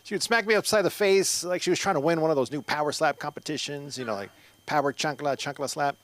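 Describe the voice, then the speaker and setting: A man's voice: on the high side, fast talker, a bit bright, dry recording. A middle-aged Mexican-American man doing stand-up comedy on a club stage, with wry, self-deprecating delivery into a handheld mic. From United States, Mexican-American.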